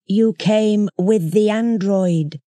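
Fedor, soft slow alien rat ruler, as a reader puts him on. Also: mid-range voice, no room sound, voice pushed up, close to an everyday voice. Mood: probing. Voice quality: soft, cottony voice. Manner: slow, measured, menacing. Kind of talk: storybook audiobook acting.

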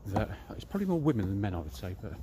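A man's voice: on the low side, sing-song, racing, background noise. A man in his thirties with a British accent chatting bluntly and casually to camera as a fitness vlogger, walking outdoors through a park. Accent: British English.

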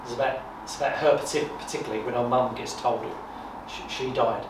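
A man giving an informal talk at an exhibition, telling stories in a chatty, animated way with repetitions and asides. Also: medium pitch, a little fast. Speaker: guest speaker on wartime history. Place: exhibition room. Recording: echoey room from far off, noisy.

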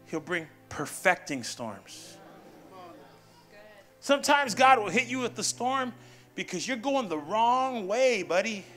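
A pastor preaching in a high, bright-pitched voice, punchy and playful, calling for the congregation to answer him. Music plays clearly underneath his sermon. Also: big pitch swings, takes it slowly. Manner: call-and-response, punchy, playful asides. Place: church sanctuary. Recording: music behind.

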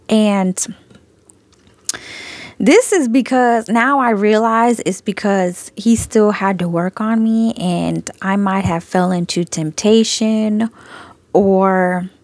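Gravelly-voiced woman telling her story. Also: mid-range voice, no echo. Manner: animated storytelling, acting out both sides of conversations; frequent laughter. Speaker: Christian video creator sharing messages. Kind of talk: casual spoken testimony. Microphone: phone.

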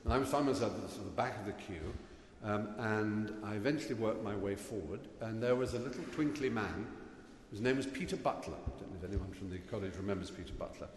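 A middle-aged man from England giving a wry, anecdotal graduation speech at a podium, halting now and then with fillers. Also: on the low side. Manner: wry, self-deprecating storyteller, halting with fillers. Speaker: graduation guest speaker. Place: large hall. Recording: echoey hall with long reverb, faint room noise.

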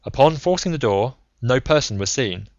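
Male audiobook narrator, measured reading, dry close sound, slightly dull lo-fi audio. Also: medium pitch, expressive, no echo. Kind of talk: scripted narration. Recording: slightly muffled lo-fi recording.

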